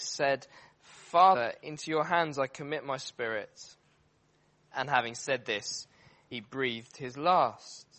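A man preaching a sermon, emphatic and animated, with frequent fillers and restarts. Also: medium pitch.

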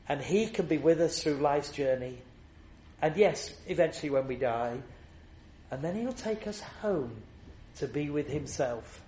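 A man preaching in a roomy, echoing space, his voice sitting a little higher than most men's. He tells a personal story, then climbs into strong, repeated refrains. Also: sing-song, moderate pace, darkish tone. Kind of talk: sermon.

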